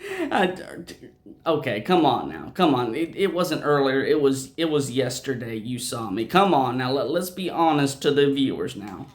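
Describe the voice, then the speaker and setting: A man's voice: mid-range voice, very animated, normal speed. A man hosting an unscripted gameplay video, rambling and chatty, stumbling and restarting his sentences a lot. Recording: roomy echo.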